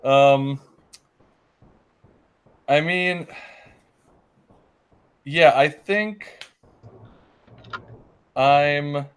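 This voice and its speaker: A man's voice: a little high, drawn-out words, long pauses, smooth. Hesitant man playing a tabletop game. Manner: hesitant, lots of ums while deciding. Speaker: player. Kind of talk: casual tabletop game talk.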